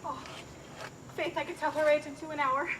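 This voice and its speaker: A woman's voice: sits high, steady tone, a little fast, noisy background, close to an everyday voice. A woman playing a garrulous, doting old nurse who rambles and keeps laughing through her words, in outdoor Shakespeare stage acting. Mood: rambling merry.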